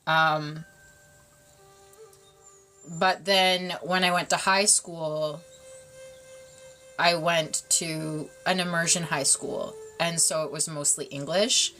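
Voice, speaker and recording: A woman's voice: low-pitched, fairly even intonation, slow pace, pauses often, pushed and bright, soft background music. A woman hosting a casual livestream, bubbly and giggly, slipping between English and French as she answers chat. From Canada. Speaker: livestream host reading chat.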